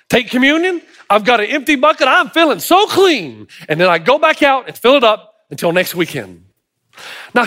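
A man preaches a sermon in a high, bright-pitched voice that swoops up and down with energy. He tells stories, slips into little acted voices and keeps asking the congregation questions as he goes. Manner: animated storytelling with acted voices and rhetorical questions. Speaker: pastor.

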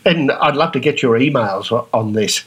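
A man with an Australian accent talking casually as a podcast host, acting out other people's reactions in a higher voice. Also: lively intonation, normal speed, a bit bright, slightly rough, poor audio. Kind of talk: casual monologue.

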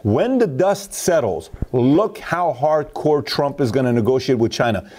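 Man, mellow tone, forceful opinionated talk-show delivery. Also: medium pitch, animated, a little slow. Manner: emphatic, storytelling with acted quotes.

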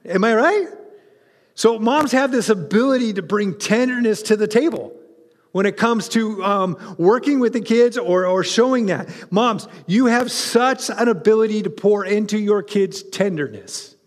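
A man preaching a sermon, animated and conversational, with asides to the congregation. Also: high-pitched, moderate pace, long reverb tail. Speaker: pastor.

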